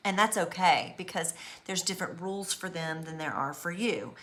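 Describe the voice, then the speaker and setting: Woman vlogging, animated and chatty, tells stories to the camera. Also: on the low side, normal speed. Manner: animated storytelling, talking straight to the viewer. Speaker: vlogger on abuse recovery. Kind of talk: casual monologue to camera.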